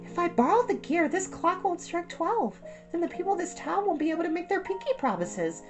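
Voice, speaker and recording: A woman's voice: very high-pitched, big pitch swings, brisk, pitched above the performer's own voice. A woman voicing an earnest, determined young girl witch in a storybook reading, with guitar music behind. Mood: sad.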